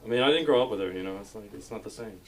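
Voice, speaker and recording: A man with a fairly low voice works through a stand-up set on a club stage. He rambles through self-mocking stories into a handheld mic. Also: very fast, a little hiss or hum, low-quality recording. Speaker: stand-up comedian.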